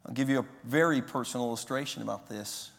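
A pastor in his forties preaching a sermon in a conversational way, with loud emphatic bursts. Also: mid-range voice, fast talker, vocal fry. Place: church sanctuary. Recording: long hall reverb.

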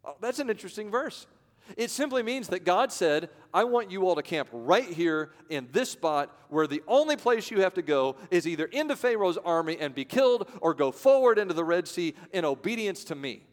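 Male pastor, slightly high voice, dramatic loud-to-hushed sermon delivery, long hall reverb. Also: expressive, moderate pace.

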